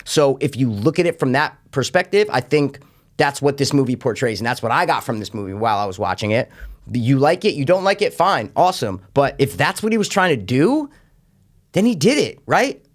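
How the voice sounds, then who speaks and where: A man's voice: mid-range voice, sing-song, fairly quick. A man co-hosting a casual film review podcast. He rambles and circles back to his points, stressing them hard and swearing freely. His talk is loose and chatty. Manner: profane, emphatic, rambling. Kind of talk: casual chat, movie review.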